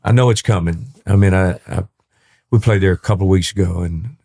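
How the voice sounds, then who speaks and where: A man's voice: low-pitched, a little fast, gravelly, dark tone. A man in his sixties with a Texan accent, a country singer telling folksy stories as a podcast guest, often repeating words as he goes. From East Texas. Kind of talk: storytelling in a podcast interview.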